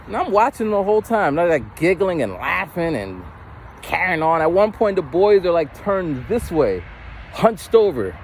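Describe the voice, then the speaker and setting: A man with a fairly high, very lively voice tells stories from his teaching work while he walks along a street. He swings into other people's voices with big leaps in pitch. Faint traffic noise sits behind him, picked up by a handheld phone. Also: normal speed, rough recording. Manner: animated, mimics voices with big pitch jumps. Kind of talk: casual storytelling while walking. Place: outdoors on a street. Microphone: phone camera held while walking.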